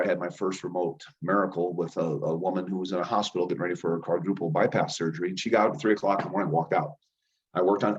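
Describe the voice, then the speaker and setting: A man, a chiropractor and healer guest, telling rambling stories in a casual interview and acting out quoted dialogue. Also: on the low side. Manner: rambling, restarts often, acts out quoted dialogue. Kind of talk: conversational storytelling. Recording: dull lo-fi sound.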